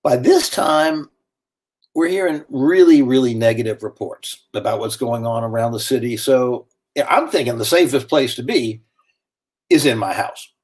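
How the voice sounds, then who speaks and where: A man telling a dramatic first-person story with lively delivery and sudden swings in tone. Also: medium pitch, moderate pace, husky.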